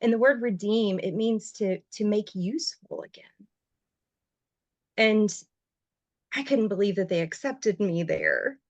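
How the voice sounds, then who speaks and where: A woman, a writer and journalist, telling her story as a guest on a podcast interview, heartfelt and expressive, her voice leaping up when she gets emotional. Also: measured pace, pauses often, no echo, muffled recording. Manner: voice jumps high when emotional.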